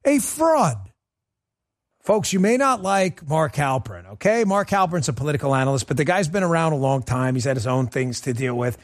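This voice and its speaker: A man's voice: fairly high pitch, lively intonation, fast talker, few pauses. A man hosting a political talk show, delivering a combative, mocking monologue with lots of repetition.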